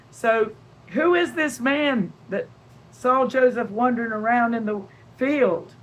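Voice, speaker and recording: A woman's voice: mid-range voice, poor audio. Older woman, Bible teacher, folksy, conversational, reads scripture aloud. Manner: homely, conversational, asks questions and answers them.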